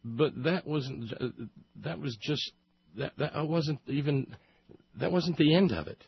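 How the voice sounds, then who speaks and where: A man's voice: fairly high pitch, unhurried, vocal fry, slightly rough. A man telling a long sarcastic monologue, building to comic outbursts. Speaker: radio commentator. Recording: muffled lo-fi recording.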